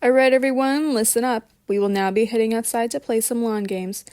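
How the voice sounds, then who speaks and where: A woman reading the part of a worried female party hostess, speaking quietly and confidingly. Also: on the high side, steady tone, a little fast, dry recording, clean studio sound, lightly acted. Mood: announcing.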